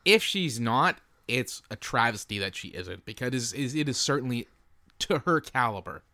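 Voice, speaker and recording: A man co-hosting a comedy film podcast with dry, deadpan sarcasm. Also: mid-range voice, moderate pace, dry recording. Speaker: podcast co-host. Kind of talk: casual comedic chat.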